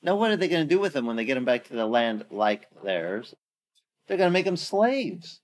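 A man preaching a sermon in a lively, slangy, conversational way. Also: medium pitch, normal speed.

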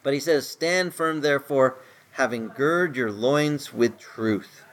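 A man's voice: medium pitch, takes it slowly. Middle-aged man, pastor, conversational sermon, voice rises for emphasis.

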